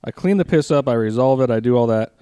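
A man's voice: mid-range voice, expressive, fast talker, mellow, clear, resonant tone, no echo, clean studio sound. Rambling, laughing man telling stories. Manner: rambling, laughing, swears freely. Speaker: podcast co-host. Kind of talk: casual storytelling chat.

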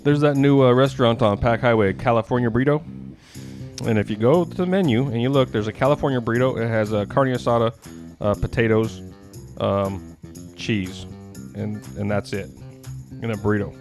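A man spins long, meandering stories in a relaxed podcast chat, cursing freely. His voice sits at an ordinary middle pitch, and faint music plays underneath. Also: brisk. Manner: rambling storyteller, swears freely. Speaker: podcast co-host. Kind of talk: casual chat.

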